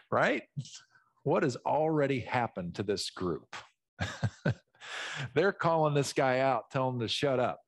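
A male pastor gives a lively teaching sermon in a mid-range voice, explaining the text and acting out its characters. He moves between relaxed explanation and dramatic read-aloud. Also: medium pitch. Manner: animated, teacherly, acts out voices in the story.

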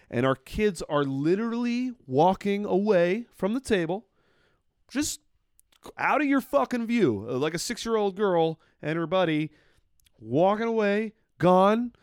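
A man's voice: sits high, lively intonation, measured pace, a little mellow, smooth, no echo, clean studio sound. A man co-hosting a casual podcast, ranting with heavy swearing. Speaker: podcast co-host. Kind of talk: casual chat.

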